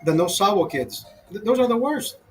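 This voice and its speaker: A man's voice: high voice, animated, normal speed, a bit bright, a little hiss or hum, low-quality recording. A man ranting casually to his viewers over a beer, profane and fired up, calling them brother. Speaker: host.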